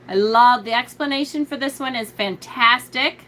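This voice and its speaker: A woman hosting a casual tarot live stream. She gushes over her decks, chats with viewers, thinks aloud and corrects herself, and slows down and drops low when she reads card meanings aloud. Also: sharp tone, low-quality recording. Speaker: tarot reader and livestream host.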